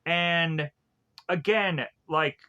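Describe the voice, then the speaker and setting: A man giving a casual spoken film review, rambling and halting with many filler words. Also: fairly high pitch, sharp tone, clean tone, highs cut off.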